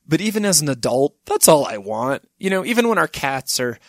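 A man's voice: a little high, sing-song, brisk, dry recording, clean studio sound. A man hosting a podcast, chatting casually in a rambling, digressive way and laughing at times. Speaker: podcast host. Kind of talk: casual chat.

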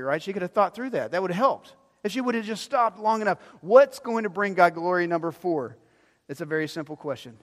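Preaching man in a reverberant hall. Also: a little fast. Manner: animated storytelling, swings from loud emphasis to hushed low lines. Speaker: pastor. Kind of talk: sermon.

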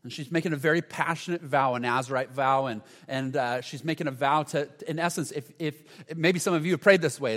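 A man preaching a sermon as pastor, earnest, often restarting phrases and dropping to a soft hush for quoted prayers. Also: fairly high pitch, fairly quick, few pauses. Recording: long hall reverb.

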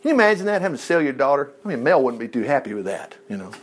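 A man preaching a sermon, retelling a Bible story in a folksy, animated way with quick asides. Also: medium pitch.

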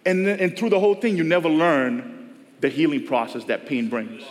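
A man's voice: on the high side, fairly even intonation, moderate pace, noisy background. A male pastor preaching a sermon to a church service in a conversational style, acting out the voices of people he quotes. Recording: long reverb of a church hall.

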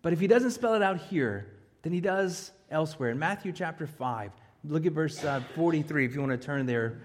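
A high-pitched man delivers a lively sermon, swinging between loud emphasis and quiet asides, with a joke dropped in now and then. His voice rings through a church hall with a long, trailing reverb. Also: fairly quick. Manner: animated preaching with joking asides. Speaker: pastor.

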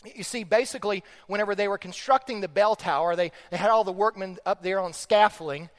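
High-voiced impassioned man preaching a sermon. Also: fairly quick. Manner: impassioned preaching that swings from hushed to loud. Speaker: pastor. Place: large church sanctuary. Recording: long hall reverb.

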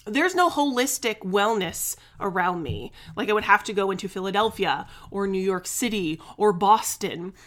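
A woman's voice: mid-range voice, animated, normal speed, hardly any pauses, a bit bright. A woman in her forties hosting a casual solo podcast, talking candidly and chattily, venting her frustration and swearing freely. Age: 40s. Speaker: podcast host.

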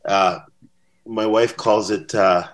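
A man's voice: lowish voice, steady tone, slow, a bit bright. A man telling stories as a podcast guest in a casual interview. He acts out quotes in different voices. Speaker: podcast guest, bass-playing fan.

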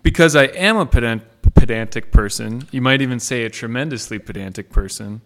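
A man's voice: medium pitch, brisk, fairly bright tone. A man hosting a casual conversation, curious and self-deprecating, asking his guest questions.

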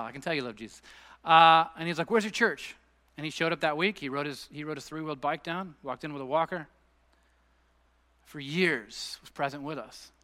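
A middle-aged male pastor delivers a sermon in a church sanctuary, shifting between easy conversational storytelling and emphatic, rising peaks. His voice is bright and forceful and sits a little high. A long reverb from the hall trails behind each phrase.

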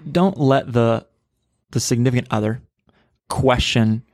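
A man's voice: mid-range voice, a little slow, a little mellow, dry recording. Earnest male pastor, dry close sound. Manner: earnest, conversational, frequent fillers. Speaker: pastor and podcast co-host. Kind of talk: casual podcast discussion.

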